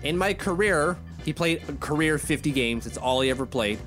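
A man's voice: a little high, expressive, moderate pace, over music. A man co-hosting a podcast, talking in a chatty, rambling way and correcting himself as he goes. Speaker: podcast co-host. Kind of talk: casual podcast chat.

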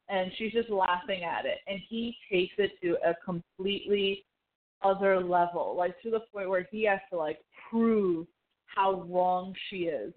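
A woman co-hosting a casual chat, telling a long story in a rambling, animated way full of "like". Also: mid-range voice, moderate pace. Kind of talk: casual chat recapping a TV show. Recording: phone-like narrow sound.

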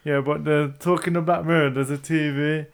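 A man's voice: on the high side, normal speed, gravelly. A man, co-hosting a casual chat and telling stories animatedly. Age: 30s. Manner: animated storytelling, acts out quoted people. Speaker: podcast co-host.

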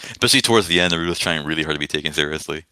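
A man's voice: very deep voice, very fast, pushed and bright, clean tone, no echo. A man co-hosting a podcast, chatting casually in a rambling, sarcastic, profane way. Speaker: podcast co-host. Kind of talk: casual chat.

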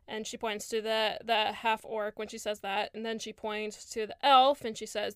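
A woman's voice: a little high, level tone, normal speed, hardly any pauses, smooth, no echo, studio quality. A woman narrating a tabletop game as game master, hesitant with many fillers.

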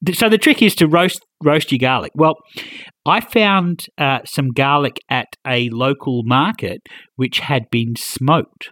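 Male co-host, mid pitch, affable explainer, dry close mic. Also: measured pace, fairly bright tone, no room sound. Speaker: cooking podcast co-host. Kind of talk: casual chat.

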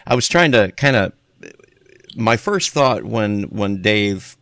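A low-voiced American man with a gravelly rasp, hosting a casual podcast. He gropes for words and stops and starts, recorded dry and close. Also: lively intonation, a bit bright, no echo. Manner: halting, searching for words. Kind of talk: casual chat.

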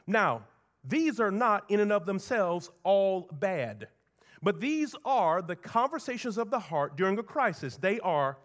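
A man preaching a sermon as pastor, moving between soft low asides and raised, emphatic lines. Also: big pitch swings, measured pace.

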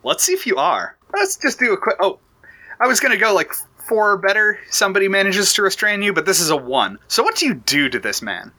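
A man's voice: sits high, sing-song, a little fast, sharp tone. A man running a tabletop role-playing game as game master, narrating scenes with frequent restarts. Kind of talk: narrating a tabletop war campaign.

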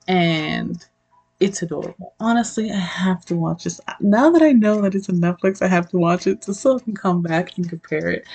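A young woman chatting casually about a webtoon, excitable and profane, acting out the characters' lines in quick asides. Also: mid-range voice, vocal fry, poor audio. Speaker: book reviewer. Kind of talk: casual chat, recapping a webtoon.

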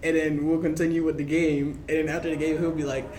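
A man's voice: fairly high pitch, flat delivery, quick pace, a little mellow, slight background noise. A teenage boy co-hosting a podcast, chatting casually and laughing as he tells stories and jokes. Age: teens. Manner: laughs a lot while telling jokes. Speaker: teen podcast co-host. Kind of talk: casual chat.

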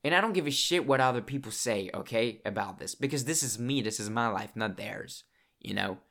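A man's voice: mid-range voice, animated, brisk, a bit bright. Young male vlogger, emotional and rambling, heavy swearing, mid-range voice. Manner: emotional, rambling, swears often, many restarts. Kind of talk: casual monologue to camera.

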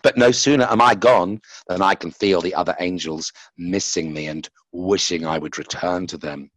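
A man voicing a vain, defiant and lonely male angel who boasts loudly and then speaks in a hushed, secretive way, in a husky voice. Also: sits low, fairly even intonation, normal speed, no room sound. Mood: hushed, confessing.

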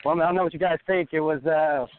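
A man from Sacramento calling into a show, unsure and halting, on a phone line with faint noise. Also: a little high, steady tone, clean tone. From Sacramento, California. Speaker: caller. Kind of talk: phone-in question.

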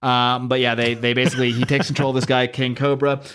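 A male podcast host recaps an episode in a joking, irreverent tone, peppered with swearing. He talks at a fast clip. His pitch sits in the middle range. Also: little pitch movement, fairly bright tone, clean tone.

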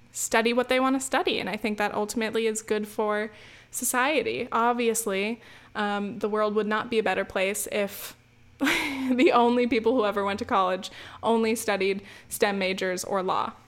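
A young American woman, a student, ranting casually to her listeners, chatty and full of fillers, restarts and swearing. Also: medium pitch. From United States. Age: young adult. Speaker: student vlogger. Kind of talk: casual rant to camera.

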